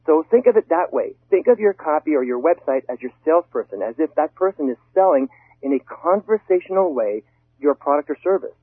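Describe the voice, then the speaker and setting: A man with a husky, slightly high voice gives emphatic, animated advice and repeats words to stress them. The sound is a dry, tinny phone line. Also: brisk, no room sound. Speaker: guest expert on web copywriting. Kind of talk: casual conversational advice on a call.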